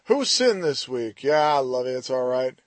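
A man's voice: mid-range voice, very animated, moderate pace, dry recording, close to an everyday voice. A man putting on a lax, easygoing male Southern preacher with a Southern US accent, breezily brushing off sin. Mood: breezy.

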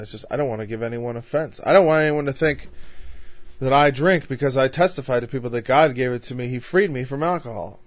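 A man's voice: medium pitch, no room sound. Man teaching Bible study, dull recording. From northern Illinois, USA. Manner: conversational, rhetorical questions, frequent "you know".

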